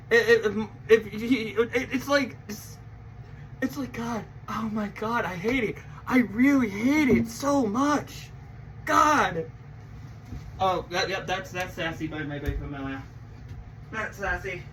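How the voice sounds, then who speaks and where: Young guy ranting on his vlog, high bright voice, gets loud then quiet, swears a lot. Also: slow pace, slight background noise, rough recording. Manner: excitable, swings from mumbling to yelling, swears a lot. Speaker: channel host reacting to a movie trailer. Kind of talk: casual reaction vlog.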